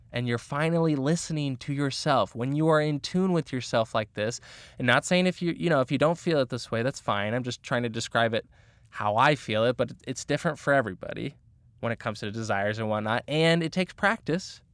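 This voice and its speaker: An encouraging man talks through motivational advice in a relaxed, chatty way, full of "like" and "you know." His voice is smooth and clear, recorded dry and close. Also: medium pitch, no echo. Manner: earnest, encouraging, with frequent fillers. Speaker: motivational speaker. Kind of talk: casual motivational monologue.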